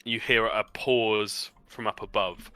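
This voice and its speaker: A man's voice: fairly low pitch, steady tone, takes it slowly, sharp tone, clear, resonant tone, dry recording, soft background music. A man narrating a tabletop game as game master, loose and casual, with many fillers.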